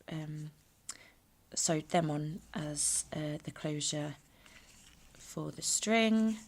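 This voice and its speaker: A woman hosting a craft tutorial, hesitant with many ums, dropping to soft murmurs as she works with her hands. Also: low-pitched. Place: home craft space.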